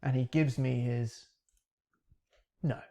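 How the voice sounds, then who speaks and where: A man teaching English, calmly breaking down the grammar of questions he asked in a recorded interview. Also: medium pitch, slow, vocal fry. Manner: calm, reflective, breaks down grammar step by step.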